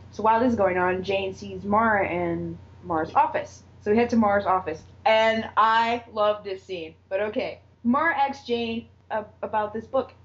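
A woman co-hosting a casual chat show, retelling scenes, quoting characters and laughing often. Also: mid-range voice. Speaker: podcast co-host. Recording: dull lo-fi audio.

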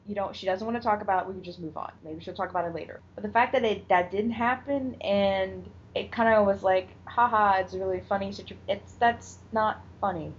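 A woman co-hosting a podcast, animatedly retelling a TV episode in casual chat and acting out the characters' lines. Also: mid-range voice. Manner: animated retelling, acts out quotes, swears. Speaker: podcast co-host. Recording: dull lo-fi audio with faint noise.

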